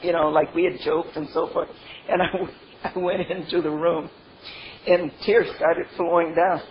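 On a dull lo-fi recording with faint noise, an older woman with a lowish voice speaks at normal speed and with fairly even intonation. She shares a heartfelt recovery testimony, laughing as she goes and often saying "you know."

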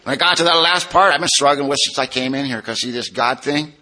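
A man's voice: medium pitch, fast talker, pushed and bright, slight background noise. A man telling his recovery story to a meeting, plainspoken and emotional. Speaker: recovery speaker. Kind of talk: personal testimony at a recovery meeting.

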